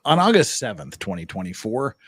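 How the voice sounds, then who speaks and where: A man's voice: lowish voice, huge pitch swings, fairly quick, a bit bright, husky, dry recording. A man co-hosting a casual legal talk show, reading court filings aloud and adding dry, jokey asides. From Utah. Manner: dry, jokey asides between read passages. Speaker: podcast co-host.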